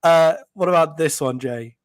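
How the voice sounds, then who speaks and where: A man with an English accent co-hosting a casual sports podcast, chatty and quick to laugh, with plenty of fillers. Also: on the high side, dry recording. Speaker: podcast co-host.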